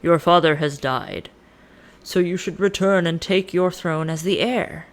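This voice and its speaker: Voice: mid-range voice, measured pace, natural voice. A storyteller voicing a blunt male messenger who talks in exasperated modern slang. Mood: impatient.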